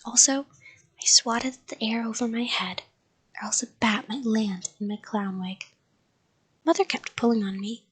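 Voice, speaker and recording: Woman reading a kids book at bedtime, soft half-whispered breathy voice, a bit high. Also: steady tone, measured pace. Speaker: storyteller.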